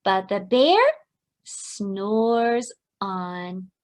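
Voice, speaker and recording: Slow-reading woman preschool teacher. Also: medium pitch. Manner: slow, expressive read-aloud to young children. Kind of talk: circle-time picture book reading.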